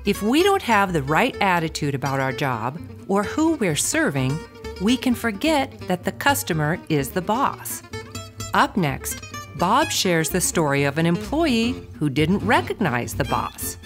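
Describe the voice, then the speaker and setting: A woman hosting and narrating a training podcast, reading scripted introductions in a measured, clear way. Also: lowish voice, very animated. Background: guitar and fiddle music.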